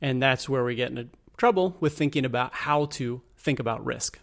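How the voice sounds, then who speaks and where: A man's voice: mid-range voice, fairly quick, creaky. A man explaining money and risk as a regular guest on a radio interview, in a patient, plain way. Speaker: financial adviser guest.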